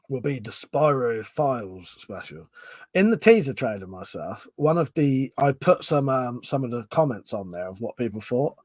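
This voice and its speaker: A man rambles through a casual livestream chat, reading out viewer comments. His voice sits a little high for a man, and his talk is loose and sweary, peppered with laughs and yawns, a touch short of breath. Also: a bit bright. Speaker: live stream host.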